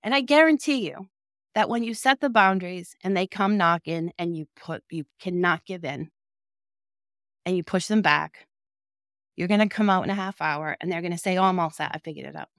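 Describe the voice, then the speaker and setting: A woman's voice: fairly low pitch, normal speed, a bit bright, no room sound, studio quality. A woman coaching child care directors in a direct, encouraging and emphatic way. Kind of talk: motivational talk to camera.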